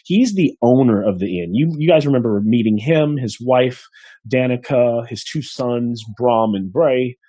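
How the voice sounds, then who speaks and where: A man's voice: mid-range voice, lively intonation, a little slow, dark tone, dry recording. A man narrating as game master of a tabletop game, rambling with many restarts.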